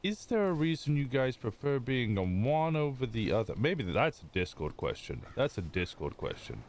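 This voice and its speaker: A man's voice: mid-range voice, very animated, normal speed. A man livestreaming a roleplay game, chatting casually with his viewers in a rambling, self-interrupting way. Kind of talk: casual chat with stream viewers.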